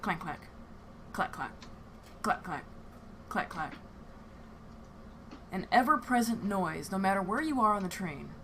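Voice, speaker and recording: A woman's voice: medium pitch, expressive, unhurried, long pauses, a bit bright, slight background noise. A woman acting as storyteller for a live-streamed tabletop game, chatty and casual, often laughing and trailing into filler words.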